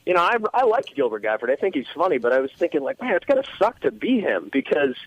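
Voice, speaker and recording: Animated, lively-voiced man telling stories. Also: on the high side, quick pace, dry recording, lo-fi sound. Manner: animated storyteller. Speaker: actor, podcast guest. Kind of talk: casual chat.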